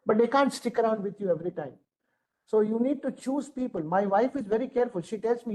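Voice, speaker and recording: Trainer, male, middle-aged, Indian English accent; high pitch, emphatic, repeats points for effect. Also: lively intonation, fast, warm tone, rough recording. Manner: earnest, emphatic, repeats phrases. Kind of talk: lecture to adults.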